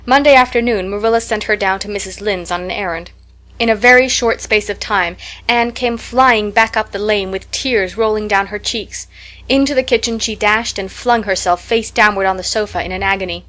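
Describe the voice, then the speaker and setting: A woman narrating a classic novel as an audiobook in a measured, expressive reading. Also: medium pitch. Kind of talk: scripted narration.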